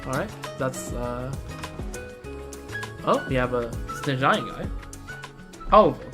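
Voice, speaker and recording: A woman's voice: a bass voice, lively intonation, slow, over music. Playful woman streamer reading game lines. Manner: playful, chatty asides. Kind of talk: reading game dialogue aloud with commentary.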